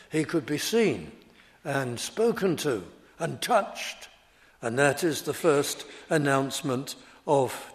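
A man preaching an expository sermon, deliberate and emphatic, leaning hard on key words. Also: a little high. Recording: long reverb of a large hall.

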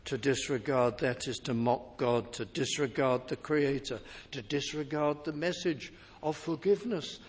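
Male preacher, emphatic rhetorical sermon, slightly higher voice, reverberant hall sound.

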